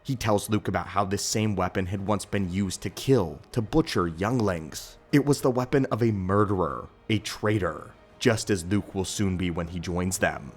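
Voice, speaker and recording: A man narrating a scripted story in a steady, measured storytelling delivery as the channel's host. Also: sits low, faint music behind.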